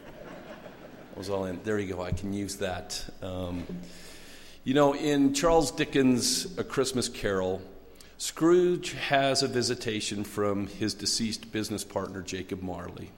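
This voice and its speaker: Low-voiced guy giving a church talk at the pulpit, slow, echoey hall. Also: a little hiss or hum. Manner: earnest, folksy, with ums and asides. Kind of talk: sermon-style church talk.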